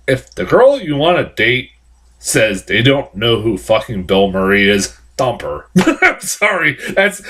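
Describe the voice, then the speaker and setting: Animated, rambling male film reviewer. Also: mid-range voice. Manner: rambling, profane, lots of restarts; animated, jumps into sarcastic reactions. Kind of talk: casual spoken film review.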